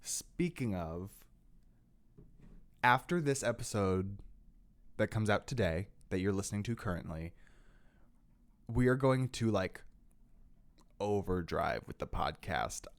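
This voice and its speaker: A man's voice: lowish voice, animated, takes it slowly, gravelly, pauses often. A man hosting a podcast in casual chat, rambling and leaning on filler words. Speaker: podcast host.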